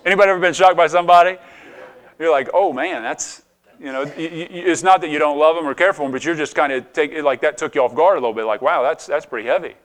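A man's voice: fairly high pitch, racing, clear, resonant tone. Conversational man preaching a sermon. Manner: conversational preaching, asks the congregation questions, frequent restarts and laughs. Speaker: pastor.

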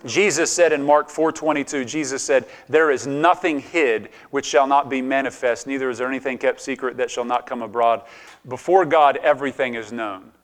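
This middle-aged pastor speaks at a normal speed in a mid-range voice. His sermon feels like a conversation, full of questions for the congregation and sentences he keeps restarting.

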